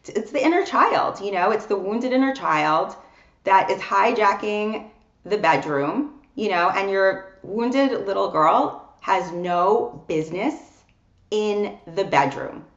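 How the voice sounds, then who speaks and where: Woman podcast coach, gravelly voice, roomy dull-sounding recording, earnest and emphatic. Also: medium pitch, animated, slow pace. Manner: earnest, emphatic, repeats words for stress. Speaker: co-host and coach. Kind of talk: casual conversational podcast.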